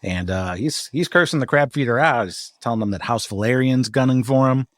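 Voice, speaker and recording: A man's voice: medium pitch, a little fast, no echo, studio quality. A man co-hosting a podcast, recapping a TV episode in casual, rambling chat with jokes and swearing. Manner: rambling, jokey, swears and laughs often. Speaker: podcast co-host.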